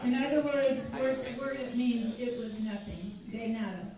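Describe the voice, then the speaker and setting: A woman's voice: on the high side, moderate pace, warm tone, recorded from a distance. A woman teaching a room of students simple Spanish phrases, patiently repeating each one for them to echo. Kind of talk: classroom phrase lesson. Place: school room with a crowd of students. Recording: echoey room recorded from afar with crowd.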